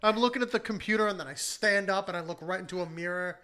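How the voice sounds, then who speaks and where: A man with a high, bright, sharp voice, cracking self-mocking jokes in relaxed podcast banter. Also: fast. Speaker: podcast co-host.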